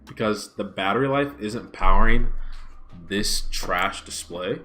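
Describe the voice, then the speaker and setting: A man hosting a live watch-party stream who swings between hyped shouting and muttered grumbling, recorded on a smartphone. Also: lowish voice, a little slow, soft background music. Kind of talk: excitable live reaction stream.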